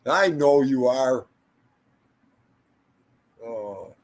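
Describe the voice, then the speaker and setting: A man's voice: mid-range voice, animated, drawn-out words. An older man hosting a casual livestream, rambling through stories and talking to viewers in the chat by name. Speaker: livestream host.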